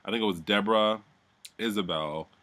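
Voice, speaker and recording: A man's voice: fairly low pitch, moderate pace, sharp tone. A man giving a casual, sardonic recap of a reality show, swearing freely and rambling as he goes.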